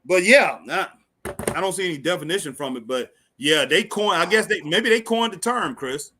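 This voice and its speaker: A man's voice: high voice, animated, moderate pace, bright, forceful tone, slight background noise. A man from the States, co-hosting a wrestling talk stream in laid-back casual chat, saying "man" often. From Southern United States. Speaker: podcast co-host. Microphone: live stream.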